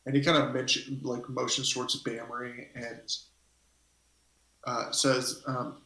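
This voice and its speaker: A man's voice: mid-range voice, flat delivery, slow, pushed and bright. A man narrating a tabletop game as game master, rambling and hesitant as he thinks aloud. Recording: echoey room.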